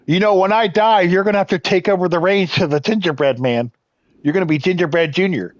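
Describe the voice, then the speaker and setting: Cranky toothless old man, 86, barking orders in a raised, high voice; man doing the voice. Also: brisk, no echo, lightly acted. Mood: bossy.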